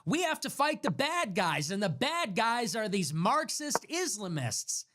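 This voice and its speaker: A man's voice: high voice, big pitch swings, unhurried, a bit bright, pitched above the performer's own voice, full character voice. A man doing a mocking impression of a preachy male pundit, in a sarcastic, sing-song way.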